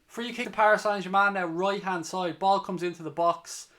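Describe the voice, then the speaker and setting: A man's voice: sits high, fairly even intonation, moderate pace, a bit bright. A man doing live match reaction as a fan channel host, mixing play-by-play with heated, sweary rants.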